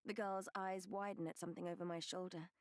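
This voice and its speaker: A woman reading a first-person novel as an audiobook narrator, measured and expressive. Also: lowish voice, crowd noise.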